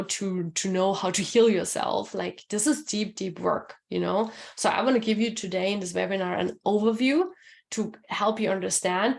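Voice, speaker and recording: Chatty woman with a gravelly voice. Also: medium pitch. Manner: casual and chatty, many fillers, reads chat comments aloud. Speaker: relationship coach hosting a webinar. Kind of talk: live webinar talk.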